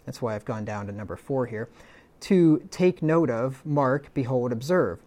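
Man, preacher, verse-by-verse sermon, deliberate, lists word meanings. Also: mid-range voice, lively intonation, a little mellow. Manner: deliberate, lists synonyms, asks "right?".

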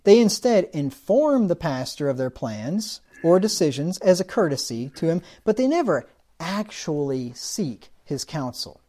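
A man's voice: on the high side, very animated, measured pace, dark tone. A man preaching a sermon, asking rhetorical questions and acting out the words of the people he describes.

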